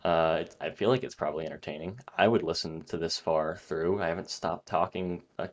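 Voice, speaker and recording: Young male podcast host, deep voice, sarcastic rambling monologue, slightly winded. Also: fairly even intonation, fairly quick. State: out of breath. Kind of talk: solo podcast rant.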